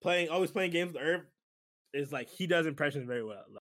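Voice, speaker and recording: Young man, slightly high bright voice, upbeat podcast co-host. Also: expressive, brisk, dry recording. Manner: upbeat, laughs easily. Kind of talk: casual chat.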